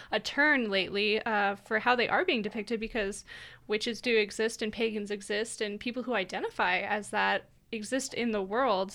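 A woman's voice: mid-range voice, creaky, a bit bright. A young woman co-hosting a radio talk show, chatty and thoughtful in casual conversation. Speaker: radio co-host.

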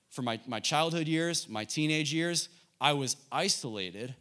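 A man's voice: medium pitch, fairly bright tone. A young man in his twenties, a youth pastor giving an earnest sermon, telling a personal story to students.

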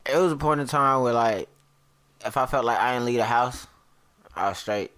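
A young man telling stories in a casual chat, full of slang fillers and animated asides. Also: mid-range voice, normal speed, heavy background noise. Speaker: podcast co-host.

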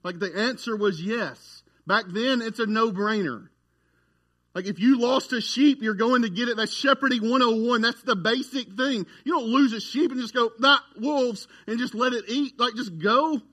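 Man, pastor, casual folksy sermon, high voice, bright tone. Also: moderate pace. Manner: folksy, conversational, says "y'all" and "right?" often.

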